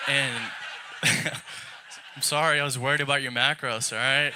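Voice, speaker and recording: A man's voice: mid-range voice, fairly even intonation, moderate pace, pauses often, pushed and bright, clean tone. A man doing a stand-up set, telling a story and laughing at his own jokes. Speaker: stand-up comedian. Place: comedy club stage.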